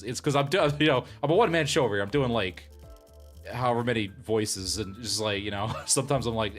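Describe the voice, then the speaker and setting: A male streamer talks easily with his chat in a mid-range voice, laughing and poking fun at himself. Faint music plays quietly under his voice. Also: medium pitch, brisk. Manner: chatty, laughing, self-deprecating. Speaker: streamer and voice actor. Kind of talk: casual chat with a live stream audience.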